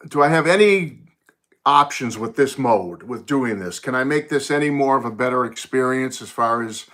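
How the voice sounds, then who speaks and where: A middle-aged man with a bright, forward voice chats casually on a phone live stream from his music room. He rambles good-naturedly, greets viewers one by one and wonders aloud about his setup. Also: medium pitch, animated, normal speed.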